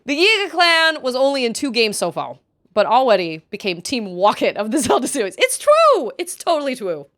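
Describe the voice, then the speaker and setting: A young woman streaming a video game, chatting playfully with quick asides. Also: a little high, very animated, fairly bright tone. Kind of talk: casual gaming stream chat.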